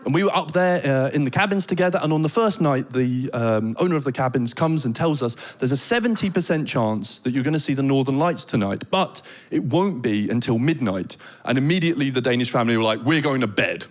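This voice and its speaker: A man's voice: mid-range voice, a little fast, hardly any pauses. British man telling stand-up stories. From Britain. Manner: animated storytelling with laughs. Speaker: stand-up comedian. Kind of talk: stand-up comedy.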